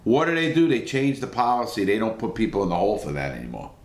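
A man talks straight to the camera in a lively, up-and-down voice, swearing freely and firing rhetorical questions as he tells his story. The room gives his voice a noticeable echo. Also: lowish voice, fast talker. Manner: blunt and profane, with rhetorical questions and acted-out exclamations. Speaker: former prisoner telling his story. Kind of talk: casual first-person storytelling to camera.

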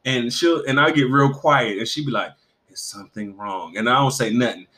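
Bright-voiced man telling laid-back stories. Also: mid-range voice, a little fast. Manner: laid-back storyteller, slangy, playful. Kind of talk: casual chat.

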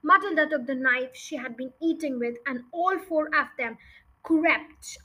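A woman reading a children's book aloud in an expressive storytelling manner. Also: high-pitched, a little slow.

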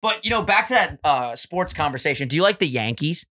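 A young man with a bright, slightly raised voice chats in animated, joking banter. He laughs often and keeps the talk playful. The room sounds dry and close. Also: a little high, fairly quick, no room sound. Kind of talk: casual banter.

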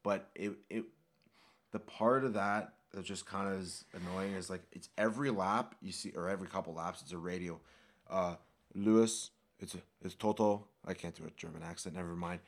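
A man's voice: deep voice, fairly even intonation, normal speed. A man co-hosting a podcast in casual chat, joking and sarcastic, swearing freely. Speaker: podcast co-host.

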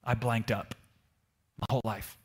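A man voicing a remorseful, drunk middle-aged man who weeps as he talks, in a low, hushed voice. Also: little pitch movement, unhurried, breathy edge. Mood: despairing.

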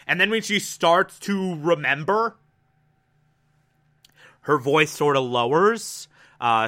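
Gushing man with a bright voice. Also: on the high side. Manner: gushing and enthusiastic, with frequent "uh" fillers. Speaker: episode reviewer. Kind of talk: casual review commentary.

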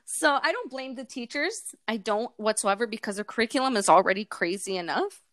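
A woman hosts a casual podcast chat, telling lively stories and slipping into quoted voices. Her voice sits mid-range and sounds close and dry, with no room around it. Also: fairly high pitch, brisk, no room sound. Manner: animated storyteller, acts out dialogue with her son. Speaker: podcast host.

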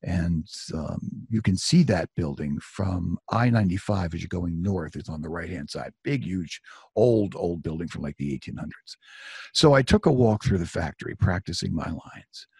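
A middle-aged man tells a personal story with a low, gravelly voice and a very husky, rough texture. The sound is dry and close. His manner is chatty and self-deprecating, with frequent asides. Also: lively intonation, normal speed, a little mellow, no echo. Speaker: author and storyteller.

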